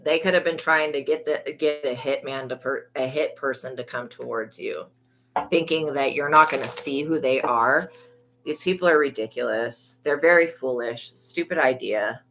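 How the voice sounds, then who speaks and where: A woman's voice: very deep voice, moderate pace, a bit bright, low-quality recording. A young woman giving a casual tarot reading, blunt and gossipy, swearing freely. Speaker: psychic tarot reader.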